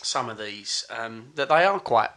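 A man co-hosting a podcast, rambling about films in a halting way with many restarts. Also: mid-range voice, lively intonation, pushed and bright. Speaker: podcast co-host. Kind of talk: casual film chat.

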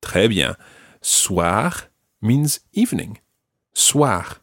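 Scottish guy teaching a language podcast, slow clear repeats, lowish voice. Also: expressive, darkish tone, dry recording, studio quality. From Scotland. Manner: clear, patient, repeats words slowly for the learner.

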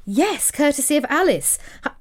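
A woman's voice: high voice, sing-song, moderate pace. A woman in her thirties from England co-hosting a podcast, chatting casually and laughing often. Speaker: podcast co-host. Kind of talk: casual chat.

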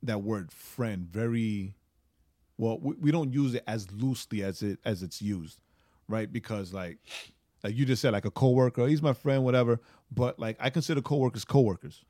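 Brief: New York man co-hosting a casual podcast, lively asides, dry booth recording. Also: on the low side, normal speed, no room sound. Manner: animated, conversational, frequent "right?" asides. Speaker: podcast co-host. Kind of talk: casual faith podcast chat.

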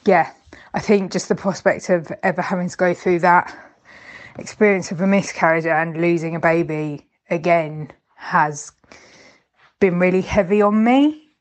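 Woman caller, tender and rambling, slightly low voice. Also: measured pace. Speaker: listener sending a voice message. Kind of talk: heartfelt voice message.

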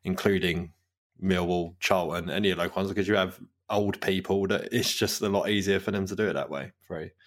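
A man co-hosting a casual football podcast, rambling with trailing pauses. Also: sits low, steady tone. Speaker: podcast co-host.

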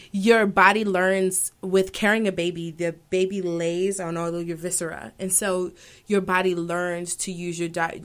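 Aspiring opera singer, woman in her 20s, lowish voice, rambling and reflective in interview. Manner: thoughtful, rambling with fillers and self-corrections. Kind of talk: casual interview answers.

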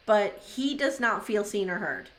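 A woman's voice: mid-range voice, animated, moderate pace. A woman co-hosting a podcast, giving opinionated, sympathetic commentary in casual chat. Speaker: podcast co-host.

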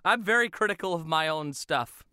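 A young man chatting casually on a podcast about cartoons, animated and quick to break into loud impressions. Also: a little high, clean tone, no room sound.

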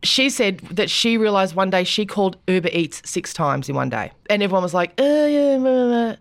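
A middle-aged woman with an Australian accent hosts a casual podcast chat. She is animated and laughs readily. She often slips into other people's voices to tell a story. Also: lowish voice, fairly quick, gravelly. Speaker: podcast host.

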